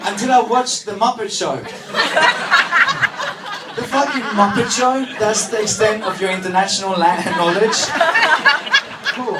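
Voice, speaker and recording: A man from Sweden, doing a stand-up comedy set with deadpan asides and quick punchlines. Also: high-pitched, far from the mic, heavy background noise. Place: comedy club stage. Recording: echoey club mic from afar, crowd laughter. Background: audience laughter.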